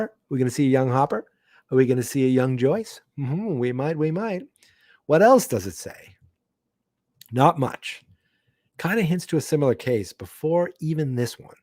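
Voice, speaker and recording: A man's voice: mid-range voice, a little mellow, no echo, studio quality. A man hosting a live book-club podcast, reading a comic aloud and breaking off for chatty asides. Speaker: podcast host.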